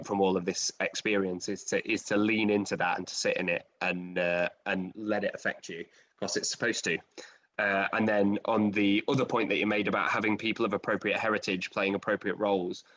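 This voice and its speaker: A man's voice: lowish voice, a bit bright. A man hosting a casual post-show panel over a video call, chatty and self-deprecating, with many fillers. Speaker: host and director.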